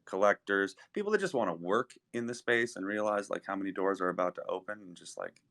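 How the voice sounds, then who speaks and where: A laid-back man with a deep voice in a casual audio chat. He talks in easy slang, with plenty of "like" and "kind of". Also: animated, a little fast, fairly bright tone.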